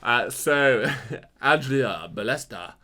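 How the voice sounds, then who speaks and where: A man's voice: medium pitch, animated, slow, bright, forceful tone. A young man co-hosting a podcast, easygoing and rambling in casual chat. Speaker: podcast co-host.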